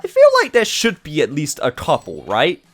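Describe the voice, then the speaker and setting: A man's voice: fairly high pitch, huge pitch swings, moderate pace, faint music behind. A young man giving rambling, self-deprecating commentary over a game, laughing at his own slips. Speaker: game streamer. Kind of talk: let's play commentary.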